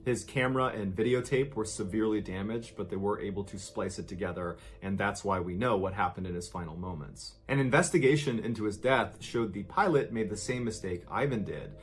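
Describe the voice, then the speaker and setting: A man narrating true stories in a vivid, dramatic storytelling style. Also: lowish voice.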